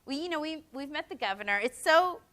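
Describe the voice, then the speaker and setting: A woman's voice: sits high, lively intonation, fairly quick, pushed and bright. A middle-aged mother speaking casually and sentimentally at a public question-and-answer talk, with chatty asides. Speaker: mother and business co-founder.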